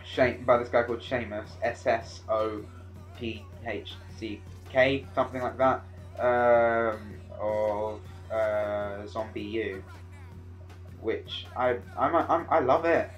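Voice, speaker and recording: A teenage man rambling excitably in a casual vlog, with sudden loud outbursts. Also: fairly low pitch, takes it slowly, muffled recording, faint music behind. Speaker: vlogger.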